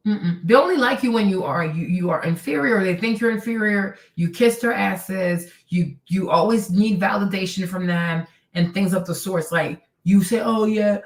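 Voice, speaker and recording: A woman's voice: medium pitch, normal speed, hardly any pauses, reverberant, far from the mic. A woman hosting her own stream, ranting in casual commentary, sarcastic and profane, often mimicking people she talks about. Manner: heated, sarcastic, profane, mimics others in quotes. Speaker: streamer host.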